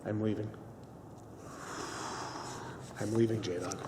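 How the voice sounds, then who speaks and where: A man's voice: lowish voice, moderate pace, big-room sound, very noisy. A man co-hosting a comedy ghost-hunt skit, bossy and insistent.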